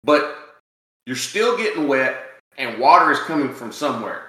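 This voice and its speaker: A man chats in a laid-back way on a podcast, agreeing and explaining points with everyday examples. His voice is mid-pitched and bright. The room is very echoey. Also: big pitch swings, moderate pace. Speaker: podcast co-host. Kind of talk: casual chat.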